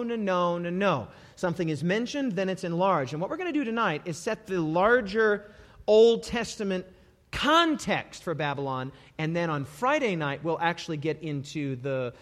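Emphatic high-voiced male preacher in a hall. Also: very animated, moderate pace. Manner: emphatic, dramatic scripture reading with sudden loud bursts. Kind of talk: sermon. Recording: long reverb of a hall.

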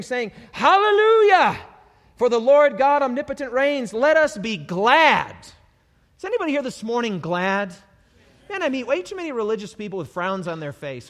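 A man preaching a sermon as a pastor, enthusiastic, breaking into shouted hallelujahs. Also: high-pitched. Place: church hall. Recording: long hall reverb.

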